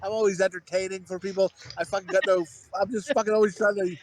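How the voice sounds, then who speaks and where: A man's voice: high voice, flat delivery, quick pace. A man co-hosting a podcast, telling rambling, profane stories in casual chat, full of fillers and restarts. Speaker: podcast co-host.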